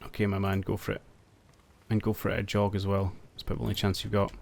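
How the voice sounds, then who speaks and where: A man with a fairly low voice talks through a tactical war game as he plays. He muses out loud, hesitates with ums, and addresses his soldiers like a coach cheering them on. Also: fast talker, creaky. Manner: thinks aloud, talks to his units, excited outbursts. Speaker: gameplay commentator. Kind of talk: casual let's-play commentary.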